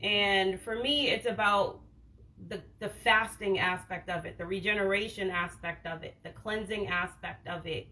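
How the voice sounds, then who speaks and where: In a pushed, bright voice of medium pitch, steady in tone and moderate in pace, a Boston-born wellness livestream host answers her viewers' comments. She's frank and slangy, says "like" a lot, and swears now and then. Her Boston accent lacks the stereotypical broad vowels, and the recording is rough.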